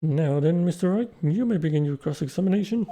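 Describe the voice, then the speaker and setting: A man voicing a stern older male courtroom judge in a formal, measured way. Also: fairly high pitch, expressive, dark tone, slight background noise, lightly acted.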